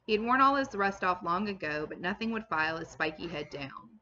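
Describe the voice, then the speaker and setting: A woman's voice: fairly low pitch, expressive, fairly quick, bright, forceful tone, dull audio, slight background noise. A woman English teacher reading a classic novel aloud and stopping to explain it to her students in plain terms, with a few ums.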